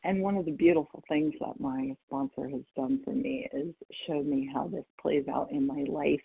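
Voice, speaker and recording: A woman's voice: deep voice, big pitch swings, moderate pace, creaky, husky. A woman from North Idaho sharing candidly in a recovery meeting over a call, laughing at herself and quoting others. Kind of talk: personal share in a recovery meeting. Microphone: video or phone call. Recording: phone-quality call audio.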